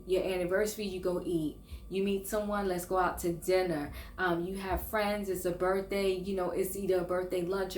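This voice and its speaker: A woman's voice: on the low side, a little mellow, reverberant, a little hiss or hum. An older woman talking in a casual vlog, earnest and encouraging, sometimes stumbling over her words. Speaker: vlogger. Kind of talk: casual faith and self-help vlog.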